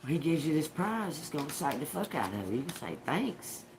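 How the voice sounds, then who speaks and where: A woman's voice: low-pitched, very animated, fairly quick, background noise. Blunt, profane woman reading tarot. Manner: blunt, profane and laughing, with folksy slang. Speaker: tarot reader. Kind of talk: live-streamed tarot reading.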